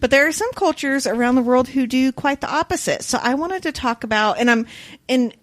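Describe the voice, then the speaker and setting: A woman's voice: high-pitched, fairly quick, no room sound. A woman co-hosting a book podcast, chatting casually and walking through a researched topic with lots of "so" and "like". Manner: animated, explains a researched topic with frequent "so" and "like". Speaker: podcast co-host. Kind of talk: casual book-club chat.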